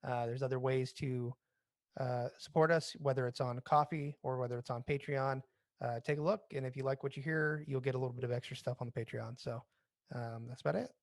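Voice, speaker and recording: A man and military veteran co-hosting a casual podcast, talking in a rambling way with halting restarts and mild cursing. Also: medium pitch, fairly even intonation, dry recording.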